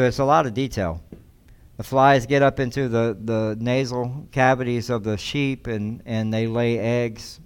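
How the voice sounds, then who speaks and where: A male pastor delivers a sermon in a smooth, resonant voice at an ordinary pitch. He reads scripture and then teaches in a loose, conversational way, often restarting his sentences. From United States.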